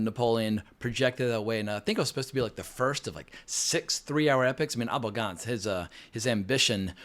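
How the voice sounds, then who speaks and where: A male film reviewer talks through his thoughts in a loose, rambling way. His voice sits at an ordinary middle pitch. He is frank, drops the odd curse, and now and then bursts out louder. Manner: rambling, candid, swears, lively outbursts. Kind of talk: casual film review monologue.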